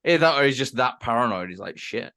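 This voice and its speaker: Lively wisecracking man on a podcast. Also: medium pitch, rapid-fire, clean tone. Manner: wisecracking, laughs often, stammers. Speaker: podcast co-host. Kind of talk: casual podcast chat.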